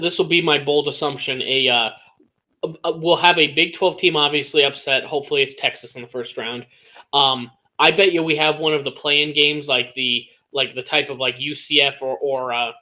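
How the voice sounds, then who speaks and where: A young man with an American Midwest accent co-hosting a casual sports podcast, talking excitedly and rambling with lots of restarts. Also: mid-range voice. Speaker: podcast co-host.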